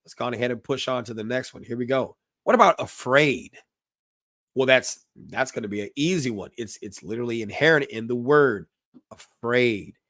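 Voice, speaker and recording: A man's voice: medium pitch, normal speed, a bit bright, no echo. A man leading a live-streamed parenting class who greets chat viewers by name and repeats his key points.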